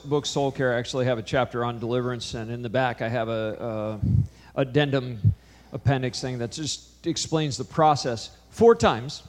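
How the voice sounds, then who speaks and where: A man preaching a sermon, telling a story with emphatic rises and drops in his voice. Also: medium pitch. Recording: long hall reverb.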